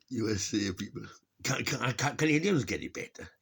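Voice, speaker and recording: A man's voice: mid-range voice, gravelly, a bit bright, breathy edge. A middle-aged man from Wales, rambling and grumbling to camera, swearing a lot and laughing at his own remarks. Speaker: vlogger. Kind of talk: rambling casual monologue.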